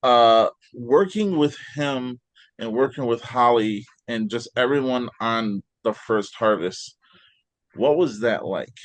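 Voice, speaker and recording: A man hosting an interview, asking questions in a relaxed, casual way and starting with "uh". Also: mid-range voice, slow pace, no echo. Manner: relaxed, laughs along, filler "uh" before questions. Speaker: interview host.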